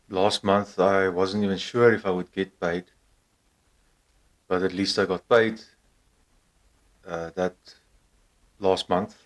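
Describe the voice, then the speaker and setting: A man with a fairly low voice talks to the camera in a casual, encouraging way. He speaks very slowly, pausing often and filling the gaps with fillers. English is not his first language. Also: a bit bright. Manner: hesitant, with many pauses and fillers. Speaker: vlogger.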